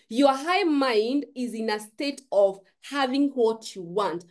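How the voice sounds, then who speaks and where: A woman's voice: fairly high pitch, animated, measured pace, few pauses. A woman giving an emphatic, preachy motivational talk to camera, repeating phrases for stress. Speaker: forex trading YouTuber.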